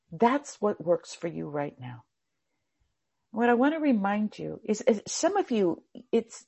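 A woman gives a casual, animated talk on meditation practice and tells a parable along the way. She slips into acted voices and swears offhandedly. Her voice is gravelly and somewhat breathy, at a middle pitch. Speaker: meditation teacher. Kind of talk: casual spiritual talk with storytelling.

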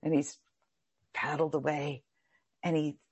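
A woman giving a casual spiritual talk on meditation. She tells a parable in an animated way, acts out the voices and swears now and then. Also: deep voice, unhurried, slightly rough. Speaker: meditation teacher.

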